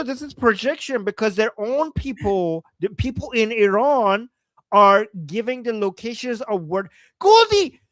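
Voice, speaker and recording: A man co-hosts a live stream in casual commentary, emphatic and incredulous and quick to exclaim. His voice sounds dry and close, with no room around it. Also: very high voice, a bit bright, no echo, poor audio. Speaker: livestream co-host.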